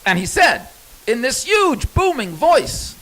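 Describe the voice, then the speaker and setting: High, lively-voiced man telling a story. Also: takes it slowly, poor audio. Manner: rambling, candid, swears freely. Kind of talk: spoken storytelling monologue.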